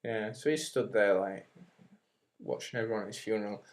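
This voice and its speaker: A man's voice: on the low side, brisk. A young man, co-hosting a casual podcast on a webcam mic, telling a long rambling story full of "like" and the odd swear. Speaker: podcast co-host. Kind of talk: casual chat. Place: home, recorded on webcam. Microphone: webcam microphone.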